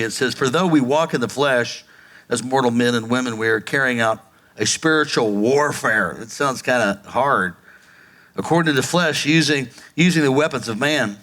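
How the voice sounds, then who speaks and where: A man's voice: mid-range voice, fairly bright tone, slight background noise. A man preaching a sermon as pastor, acting out quoted voices and calling on the congregation to respond. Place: church sanctuary before a congregation.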